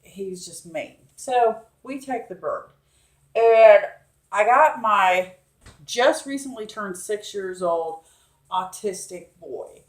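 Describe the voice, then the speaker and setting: A woman's voice: mid-range voice, expressive, takes it slowly. Chatty woman rambling in an echoey room. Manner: rambling, chatty, lots of fillers. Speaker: vlogger. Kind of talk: casual storytelling to camera.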